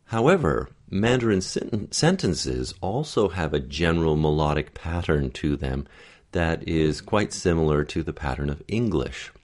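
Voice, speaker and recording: A man's voice: extremely low pitch, animated, unhurried. A man coaching an accent for actors, explaining tongue position and intonation and demonstrating sounds as he goes. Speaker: dialect coach.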